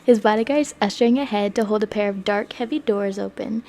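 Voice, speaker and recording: A young woman narrating a story in soft ASMR whispers. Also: mid-range voice, a little fast, background noise. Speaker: ASMR creator.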